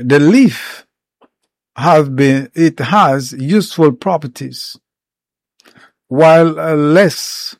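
A man explaining herbal remedies in an informal talk, unhurried and step by step, with many pauses. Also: on the high side, darkish tone, no echo. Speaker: herbal educator.

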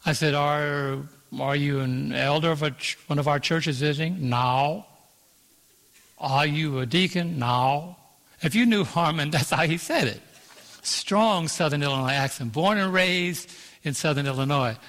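A pastor preaching a sermon in an auditorium, calling out to the congregation and drawing out key phrases. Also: male voice, on the high side, a bit bright. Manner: preaching with call-and-response and slowed emphasis. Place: large auditorium. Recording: long hall reverb.

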